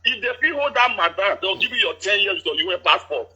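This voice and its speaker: A man caller speaking Nigerian Pidgin, explaining things at length in a steady, detailed way. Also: high-pitched, fairly quick, slightly rough, lo-fi sound. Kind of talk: casual chat.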